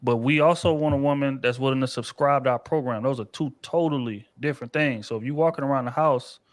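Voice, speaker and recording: A man's voice: mid-range voice, fast, no echo. A married man co-hosting a casual panel discussion, talking in a loose, rambling way with casual profanity. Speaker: podcast co-host.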